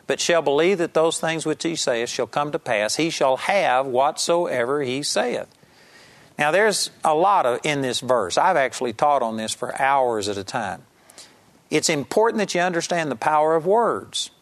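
A man preaching a conversational Bible-teaching sermon, acting out scenes as he explains a passage. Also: on the high side. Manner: conversational, animated, acts out the scene.

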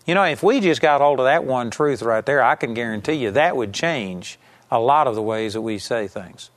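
A man preaching a sermon in an earnest voice of middle pitch. He reads scripture slowly, leaning on each word, then explains it in plain talk. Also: animated.

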